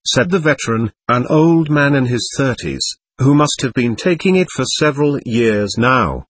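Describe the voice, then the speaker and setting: A man narrating an audiobook in the first person, with a husky, slightly rough voice. His delivery is expressive and wide-ranging in pitch. The recording is dry and close, with no room sound. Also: moderate pace, few pauses, no echo.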